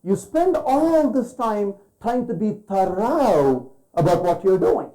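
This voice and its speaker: A man's voice: high-pitched, lively intonation, takes it slowly, dark tone, rough recording. A man giving a conference keynote, firing rhetorical questions at the audience and acting out quoted voices. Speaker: keynote speaker.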